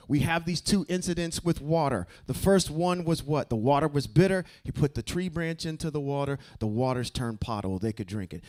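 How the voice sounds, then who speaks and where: Male Bible study leader, relaxed teaching voice, keeps asking the room "okay?". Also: medium pitch. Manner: keeps checking in with "okay?" and "right?"; quizzes listeners with questions. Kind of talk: casual scripture teaching to a group.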